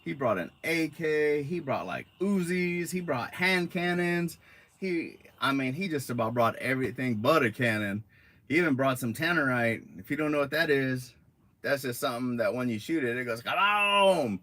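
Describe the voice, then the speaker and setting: A man's voice: medium pitch, expressive, normal speed, fairly bright tone. A man from Arizona with a middle-range voice, chatting on a casual live stream. He rambles through his stories with an easygoing, profane manner, as if talking to friends. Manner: rambling, laid-back, swears freely.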